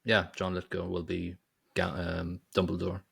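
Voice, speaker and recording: Deep gravelly man podcasting. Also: completely flat delivery, moderate pace, a bit bright. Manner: chatty, jokey, trails off mid-thought. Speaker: podcast co-host. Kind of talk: casual movie review chat.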